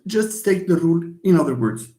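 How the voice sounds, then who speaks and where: A man's voice: fairly high pitch, lively intonation, dark tone, reverberant. A man lecturing a class, thinking aloud with frequent restarts and hesitations. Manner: slow, halting, thinks aloud with many restarts. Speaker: linguistics lecturer.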